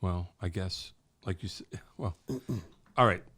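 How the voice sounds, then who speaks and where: A man's voice: sits low, slow, a bit bright, husky, dry recording. A man hosting a podcast interview, chatting loosely, joking and agreeing with many short words. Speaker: podcast host. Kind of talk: casual interview chat.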